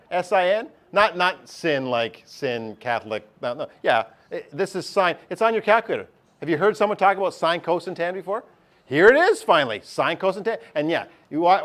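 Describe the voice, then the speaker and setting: Chatty male teacher, slightly high voice. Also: a bit bright. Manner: chatty, asks the class questions often. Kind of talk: classroom lesson. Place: classroom.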